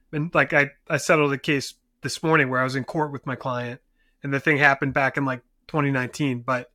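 A man's voice: medium pitch, sharp tone, no room sound, studio quality. A man with a New Jersey accent, an injury lawyer co-hosting a podcast, talking in rambling casual chat full of fillers. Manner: rambling, filler-heavy, quick mimicry.

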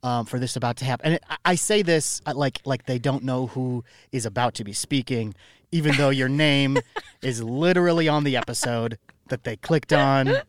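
A man's voice: medium pitch, normal speed. A young man hosting a casual podcast from a small studio in a theater building, joking and rambling as he talks. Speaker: podcast host.

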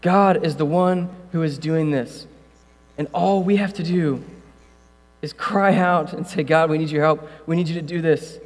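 A male pastor giving a casual sermon, talking conversationally with jokey asides and building to loud, passionate preaching. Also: fairly high pitch, fairly even intonation, measured pace. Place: church room. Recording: long hall reverb, mains hum.

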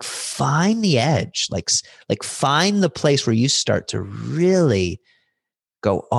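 A middle-aged man talking as a podcast guest, telling personal stories in an animated way, jumping up in pitch when excited and acting out other people's lines. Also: creaky, no echo, clean studio sound. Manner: acts out other voices in his stories. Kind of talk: reflective storytelling conversation.

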